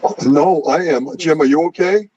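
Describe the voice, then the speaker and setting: A man hosting an interview on a video call, responding sympathetically and reflecting gently on what his guest shares. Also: fairly high pitch, moderate pace, crowd noise. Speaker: interview host. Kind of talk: casual interview chat. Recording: dull, dry video-call audio.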